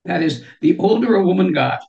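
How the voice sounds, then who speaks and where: Gravelly-voiced woman guest. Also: lowish voice, animated, fairly quick, dull audio. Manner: thoughtful, peppered with "you know". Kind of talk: conversational interview.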